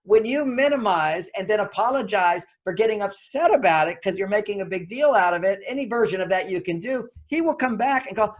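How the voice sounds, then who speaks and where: Male guest author, high-pitched, animated storyteller giving relationship advice. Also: moderate pace, hardly any pauses. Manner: animated, acts out quoted lines. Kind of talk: anecdotal advice talk.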